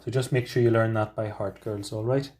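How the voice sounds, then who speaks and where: A man teaching a Spanish lesson, explaining patiently step by step with gentle asides. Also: lowish voice, fairly even intonation, a little fast, a little hiss or hum. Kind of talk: recorded classroom lesson.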